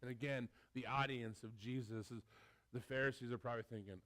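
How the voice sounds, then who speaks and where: A pastor preaching a sermon, retelling a story with animated, stammering repeats. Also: male voice, mid-range voice, fairly quick.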